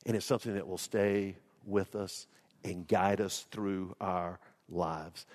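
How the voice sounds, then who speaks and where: A man's voice: low voice, fairly even intonation, slow, a little mellow, big-room sound. A man, preaching a sermon as a pastor in a folksy storytelling manner. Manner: folksy storytelling, acts out quoted voices.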